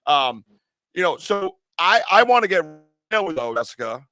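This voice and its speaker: A man's voice: sits high, very animated, normal speed, pushed and bright. A man hosting a podcast from a small room tucked in a corner of his home, chatting casually, teasing his guests and laughing often. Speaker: podcast host. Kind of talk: casual joking podcast chat.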